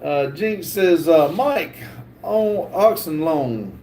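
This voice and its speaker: A middle-aged man hosting a livestream, reading viewer comments aloud haltingly and stumbling over words. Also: a little high, lively intonation, mellow, a little hiss or hum. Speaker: livestream host reading chat. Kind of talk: casual live chat reading.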